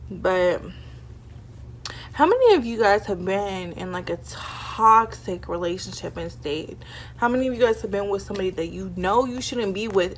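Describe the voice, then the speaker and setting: A young woman telling a casual storytime vlog, chatty and animated, full of "like" and "y'all" fillers. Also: medium pitch. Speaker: vlogger. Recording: faint background noise.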